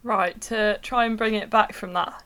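A woman's voice: mid-range voice, steady tone, moderate pace, fairly bright tone, a little hiss or hum. A woman, co-hosting a comedy podcast in a teasing, giggly way. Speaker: podcast co-host.

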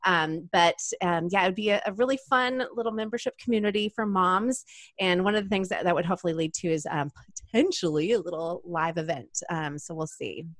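A woman's voice: lowish voice, a little fast, dry recording. A middle-aged woman, a mom and podcast guest, chatting casually with frequent laughs and self-deprecating jokes. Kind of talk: casual interview chat.

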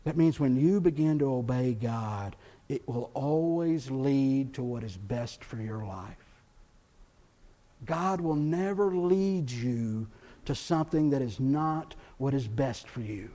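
A man's voice: medium pitch, lively intonation, slow, dark tone. A man preaching a sermon as pastor, building emphasis and acting out quoted prayers and doubts.

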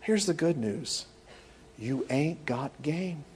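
A middle-aged male pastor preaching with a lively, swooping voice that climbs and drops as he tells stories. He acts out the people he describes, and faint ambient noise sits under his voice. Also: fairly high pitch, slow. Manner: animated storytelling, acts out voices. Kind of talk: sermon.

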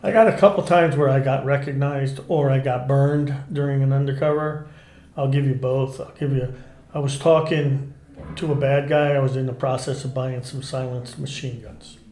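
A former undercover cop tells his stories in a casual storytelling interview, animated and profane, acting out what people said. His mid-range voice moves at a moderate pace. The room sounds echoey.

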